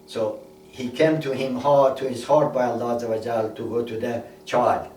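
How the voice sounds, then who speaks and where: A man delivers a sermon, retelling a story at a middling pitch and leaning on repeated words. He stands a little away from the microphone. The room rings with echo, and a faint ambient hum sits behind him. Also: steady tone, normal speed, a little mellow. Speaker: preacher. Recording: echoey room, voice a bit far from mic, faint ambience.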